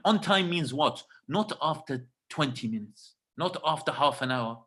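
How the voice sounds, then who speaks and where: A man's voice: a little high, animated, normal speed, hardly any pauses, pushed and bright. A man giving a religious talk on a video call, emphatic and repetitive, checking in with his listeners. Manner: emphatic, repeats phrases, asks the audience "right?". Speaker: webinar speaker.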